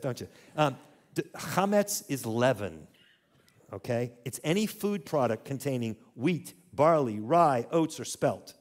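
Man, church talk, conversational teaching, mid-pitched voice, coaxes audience to repeat words. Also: animated, measured pace, darkish tone. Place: church hall.

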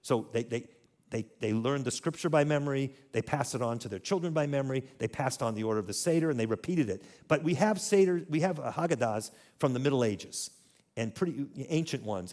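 Speaking a little fast at a medium pitch with a darkish tone, a man leads a church audience in a hall, keeping it conversational and having them repeat his words back.

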